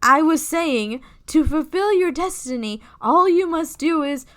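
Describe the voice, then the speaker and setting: A woman voicing the ghost of a dead student, speaking slowly and solemnly in a game playthrough. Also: sits high, lively intonation.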